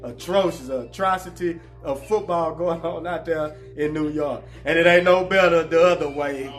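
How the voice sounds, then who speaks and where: A man hosting a casual sports talk show, animated and joking, full of slang. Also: on the high side, moderate pace, soft background music.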